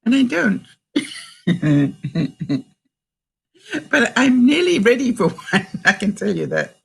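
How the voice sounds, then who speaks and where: A woman's voice: mid-range voice, very animated, takes it slowly, creaky, slightly rough. An older, retired woman from Canada chatting to her viewers, telling stories and reading sayings, often breaking into laughter. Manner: chatty storyteller who laughs often between sentences; reads out sayings and quotes. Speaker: vlogger. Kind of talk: casual chat to viewers.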